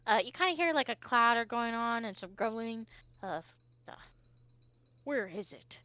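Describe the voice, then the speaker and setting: A woman narrating as game master of a tabletop game, with lots of fillers and hesitant pauses. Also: fairly high pitch, expressive, bright, forceful tone, no echo.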